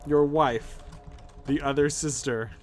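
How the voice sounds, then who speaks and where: A man streaming himself reading an AI text game aloud, mostly deadpan but breaking into laughter. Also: a little high, slow, soft background music.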